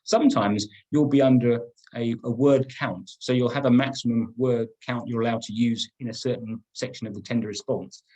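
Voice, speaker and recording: A man's voice: mid-range voice, fairly even intonation, normal speed, a little mellow, low-quality recording. A middle-aged man teaching a business-writing webinar, emphatic and often repeating words as he restarts. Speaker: business trainer.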